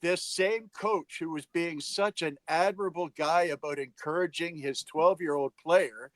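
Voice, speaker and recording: Emphatic man, dry higher voice. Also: a little slow, fairly bright tone, dry recording, low-quality recording. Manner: emphatic, acts out quotes. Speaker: podcast co-host, umpire evaluator. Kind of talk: casual storytelling chat.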